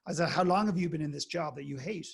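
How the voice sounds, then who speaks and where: An Irish man tells a story as a podcast guest. His voice is gravelly and a bit husky, and he acts out each character in turn. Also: on the high side, fast talker. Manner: animated anecdote-telling, acts out the people in his story. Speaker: podcast guest, inspirational speaker. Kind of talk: storytelling in a conversational interview.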